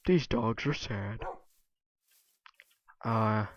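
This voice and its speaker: A man vlogs on his own, telling stories casually and rambling with lots of fillers and self-interrupting asides. His fairly low voice moves very slowly in a dry recording with dull audio.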